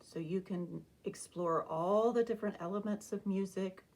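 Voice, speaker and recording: A woman music teacher, possibly middle-aged, patiently explaining a lesson to other teachers. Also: darkish tone. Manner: slow, patient explanation that breaks into sung, high-pitched demonstrations. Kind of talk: instructional talk to teachers.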